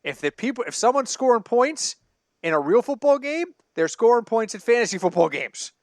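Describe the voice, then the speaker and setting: A man with a fairly high voice co-hosts a sports podcast, spinning rambling, animated stories full of self-corrections. His voice is close and dry, recorded on a home computer mic over an online call. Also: a little fast, dry recording. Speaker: podcast co-host. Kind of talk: casual sports podcast banter.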